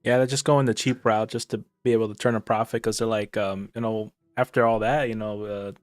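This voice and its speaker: A young adult man co-hosting a casual review podcast, recapping the plot in a relaxed, rambling way. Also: lowish voice, fairly quick, no echo, studio quality. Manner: relaxed, rambling, hesitant with fillers. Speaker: podcast co-host.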